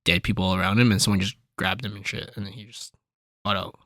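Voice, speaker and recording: A young man co-hosting a podcast, talking in a laid-back casual way, swearing freely and trailing off into low mumbles. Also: fairly even intonation, fast, sharp tone, no room sound, studio quality. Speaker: podcast co-host. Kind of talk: casual chat.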